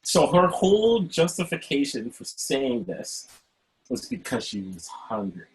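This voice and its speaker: A man hosting a casual talk over a video call, speaking in an animated way and often checking in with "right?". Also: mid-range voice, unhurried, low-quality recording. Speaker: host. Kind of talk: casual chat.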